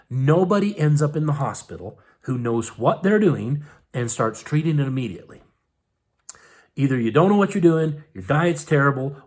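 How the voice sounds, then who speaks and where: A man's voice: mid-range voice, darkish tone. A man giving a casual, folksy hands-on health lesson, with lots of fillers and "okay?" check-ins. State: eyes tearing up from ointment vapors. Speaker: herbal health teacher.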